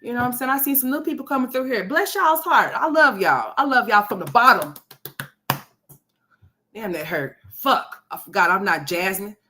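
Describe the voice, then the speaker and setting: A woman's voice: a little high, expressive, normal speed, bright, forceful tone. A woman hosting a gossip commentary livestream, brash and profane, rambling and talking straight to her viewers. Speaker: commentary host.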